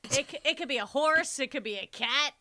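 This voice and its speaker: Woman cohost, bright higher voice, chatty and emphatic, casual podcast talk. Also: brisk. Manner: emphatic, animated storytelling. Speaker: podcast co-host. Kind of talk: casual chat.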